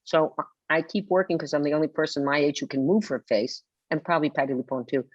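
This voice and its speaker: A woman's voice: low voice, fast, no room sound. An older woman talking on a webinar as a guest author, telling stories theatrically and acting out the people she quotes. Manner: theatrical storyteller who acts out quotes. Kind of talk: webinar conversation. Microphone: video call. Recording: dull lo-fi video call audio.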